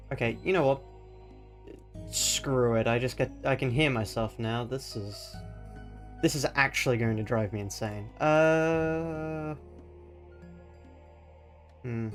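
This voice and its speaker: Streaming a game live from a desk microphone at home, this Australian guy thinks out loud and rambles in self-mocking let's-play commentary over quiet background music. His voice is mid-range and gravelly.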